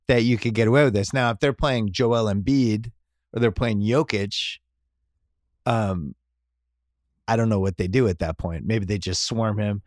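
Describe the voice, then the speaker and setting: Podcast host, man, mid pitch, opinionated casual sports talk, dry close mic. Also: no echo. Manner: opinionated, talks through points in short bursts.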